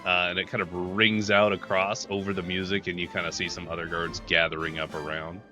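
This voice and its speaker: A man's voice: sits low, level tone, brisk, over music. A man running a tabletop game as game master, narrating in a loose, casual way full of fillers.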